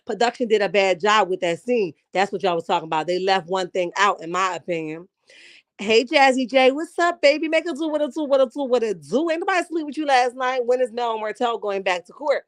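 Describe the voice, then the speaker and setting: A woman recapping a reality show in a lively, laughing, slangy way, chatting with her live viewers and calling them honey and baby. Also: mid-range voice, dry recording, studio quality. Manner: animated, laughing storyteller, slangy and blunt; calls her viewers 'baby', 'honey' and 'child'. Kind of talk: casual recap chat, reading live chat.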